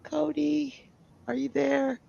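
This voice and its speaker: Slow, chatty psychic tarot reader. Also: high voice, little pitch movement, creaky, mellow, highs cut off. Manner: chatty, giggly, blunt and opinionated. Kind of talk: live-stream tarot reading.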